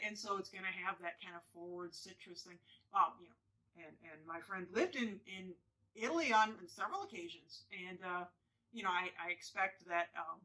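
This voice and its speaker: Casual home vlogger, female, bright tone, meandering chatty delivery, slightly distant mic. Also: medium pitch. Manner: rambling, many fillers and restarts. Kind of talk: casual chat to camera.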